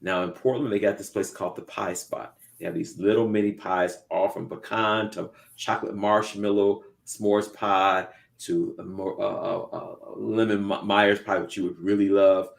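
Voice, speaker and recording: Gravelly guy, deep-ish voice, casual storytelling on a talk show, acts out the bits. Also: moderate pace, hardly any pauses. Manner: lively storyteller who acts out voices in his anecdotes. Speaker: podcast co-host. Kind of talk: casual chat, animated storytelling.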